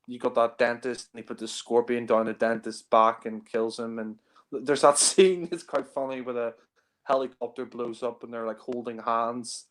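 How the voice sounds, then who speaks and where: A man talking casually about films, rambling with many fillers and frequent chuckles. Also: mid-range voice. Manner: rambling, heavy on fillers, laughs often. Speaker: film reviewer. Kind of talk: casual film discussion.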